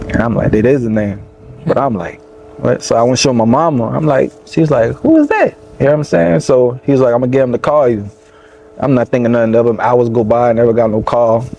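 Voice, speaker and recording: A young man with a Louisiana accent tells his story in a casual sit-down interview. His voice is mellow and relaxed, and his talk is loose and rambling. A faint hiss of background noise sits under the recording. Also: mid-range voice, creaky, dull audio. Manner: loose, rambling, lots of "you know what I'm saying". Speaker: rapper being interviewed.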